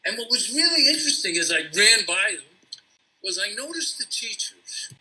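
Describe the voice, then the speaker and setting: Husky, bright-voiced man telling a story. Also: high-pitched, very animated, rough recording. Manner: halting, with many restarts and repeats. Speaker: interview guest, former teacher. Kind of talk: emotional personal storytelling.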